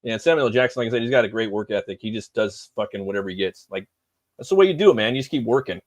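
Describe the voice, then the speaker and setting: A man's voice: on the low side, expressive, very fast, a little hiss or hum. A middle-aged man hosting a live stream, chatting loosely and profanely with lots of fillers. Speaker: livestream host. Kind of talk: casual live-stream chat.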